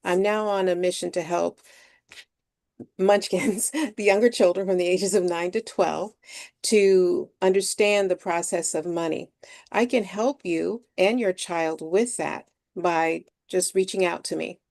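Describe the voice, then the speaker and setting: A woman in an online meeting, giving a short practiced pitch in a steady, deliberate way. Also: gravelly, no echo. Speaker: participant.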